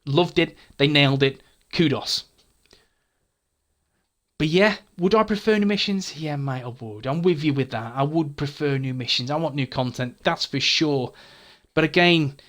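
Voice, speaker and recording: A man's voice: a little high, normal speed, a bit bright. A man hosting a gaming channel, casually answering viewer comments in a frank, chatty way, often stumbling and repeating words.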